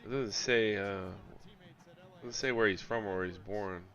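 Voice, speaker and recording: A man co-hosting a live watch-along stream, giving casual play-by-play commentary that turns loud and excited on chances. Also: lowish voice, normal speed, lo-fi sound. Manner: calls the action and gets loud and excited on chances.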